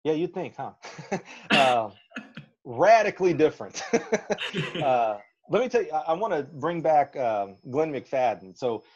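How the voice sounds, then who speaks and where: A man's voice: fairly high pitch, measured pace, pauses often, breathy edge. Folksy man from Alabama telling coaching stories. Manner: animated, folksy, acts out quotes. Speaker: track and field coach, guest. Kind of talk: storytelling in a podcast interview. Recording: slightly dull lo-fi audio.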